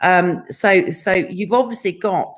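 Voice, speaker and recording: A woman's voice: lowish voice, measured pace, breathy edge. An English woman hosting a casual author interview, chatty and laughing often. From England. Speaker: podcast host interviewing an author. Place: California home.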